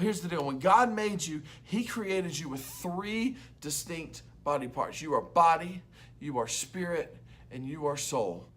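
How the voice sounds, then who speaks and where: Loud, upbeat young youth pastor. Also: male voice, high-pitched. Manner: energetic and loud, upbeat and chatty. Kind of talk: casual youth devotional talk to camera.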